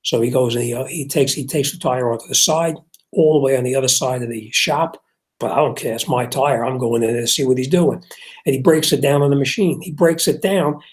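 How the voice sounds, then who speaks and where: A man's voice: medium pitch, brisk. Older man telling a shop story. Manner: rambling storyteller who acts out both sides of a dispute. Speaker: car repair shop owner and show host. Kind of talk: casual storytelling chat.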